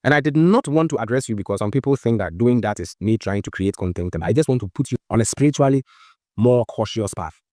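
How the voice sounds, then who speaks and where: A man rattles off a stern, reproachful lecture at a quick pace. He speaks in a scolding tone throughout. The recording is dry and close to the mic. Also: mid-range voice, expressive, warm tone, no echo. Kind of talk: scolding video message.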